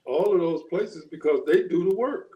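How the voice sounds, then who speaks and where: A man co-hosting a casual political chat. He thinks aloud in a halting way, with many pauses and restarts. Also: high voice, echoey room, muffled recording. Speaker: co-host.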